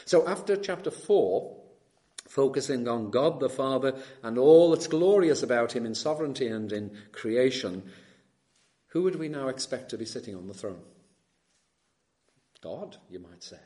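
A man preaching an expository sermon, swinging between soft and loud emphasis and slowing down to stress key words, with questions put to the listeners. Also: mid-range voice, expressive.

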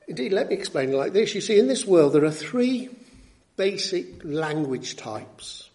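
A man's voice: fairly high pitch, a little mellow. A man preaching an expository sermon, teaching in an emphatic, teacherly way and repeating key phrases for weight.

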